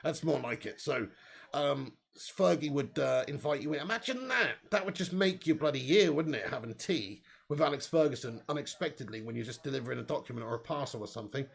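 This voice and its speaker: A man's voice: medium pitch, animated, fairly quick, gravelly, breathy edge. A young man hosting a live football watch-along. He chats and laughs between play calls and reads out viewer comments. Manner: chatty, laughs often, reads out chat comments. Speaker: host.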